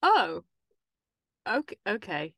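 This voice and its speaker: Animated woman host of a chatty podcast, teasing, laughs a lot, dry close mic. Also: medium pitch, slow, vocal fry, dry recording. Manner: lively, teasing, laughs easily. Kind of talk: casual chat.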